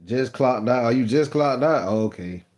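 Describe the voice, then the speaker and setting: On a phone-recorded live stream, a man with an expressive, mid-range, somewhat dark voice talks at normal speed. His chatter is loose and repetitive, full of teasing for commenters, whom he calls "gang."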